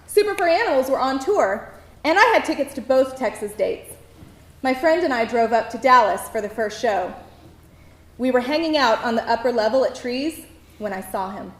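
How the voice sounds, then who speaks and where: A high, bright-toned woman performs a personal story live on stage, her delivery wry, self-mocking and lively. The voice is caught through a stage mic in a roomy venue with a little echo, and faint noise sits underneath. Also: normal speed. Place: theater stage before an audience.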